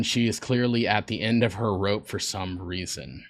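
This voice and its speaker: On a casual reaction livestream, a man with a lowish voice chats at a moderate pace, rambling and joking at his own expense with viewers. The studio-quality audio has no room sound.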